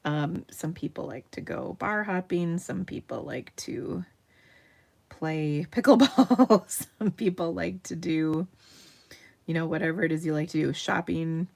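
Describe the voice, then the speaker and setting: A woman's voice: low-pitched, moderate pace, creaky. A middle-aged woman hosting a painting tutorial in a chatty, self-deprecating way, laughing often. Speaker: craft tutorial host. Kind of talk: casual painting demonstration.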